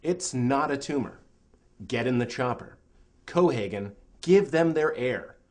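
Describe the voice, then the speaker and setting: A man's voice: medium pitch, animated, normal speed, fairly bright tone, close to an everyday voice. A man playing a famous action-star actor who keeps slipping into his thick accent while recording a commercial, stubborn and flustered.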